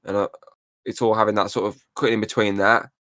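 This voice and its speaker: A young podcast host casually breaks down a film scene by scene, acting out quoted lines between laughs. His voice is lowish and fairly bright, with little pitch movement and a quick pace, recorded in a clean studio with no echo.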